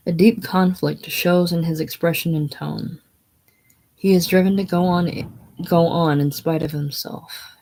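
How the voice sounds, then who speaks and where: Casual play reader, stage directions, slow and plain with vocal fry. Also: medium pitch, steady tone, darkish tone.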